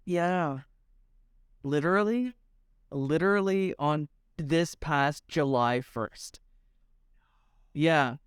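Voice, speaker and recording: A man's voice: fairly high pitch, extremely slow, long pauses, smooth, no room sound, clean studio sound. A man co-hosting a podcast in casual chat, rambling and teasing as he jokes with his friend. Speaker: podcast co-host.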